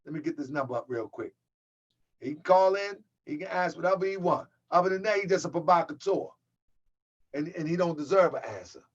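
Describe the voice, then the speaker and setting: A man's voice: on the high side, lively intonation, a little fast, muffled recording. A man hosting his own channel, delivering a heated, mocking rant and calling his viewers family. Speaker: channel host. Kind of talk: livestream rant.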